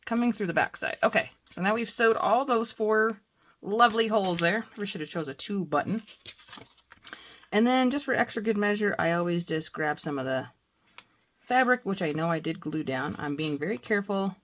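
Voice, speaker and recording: A woman talking casually as she works through a crafting tutorial, chatting to herself and bursting into excitement now and then. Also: mid-range voice, normal speed. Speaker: crafting vlogger.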